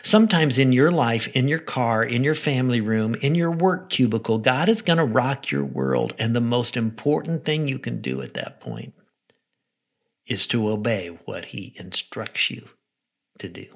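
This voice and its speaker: A male pastor tells a story in an animated, conversational preaching style. His voice sits at a middle pitch. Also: moderate pace, creaky. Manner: soft, prayerful close. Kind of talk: devotional podcast sermon.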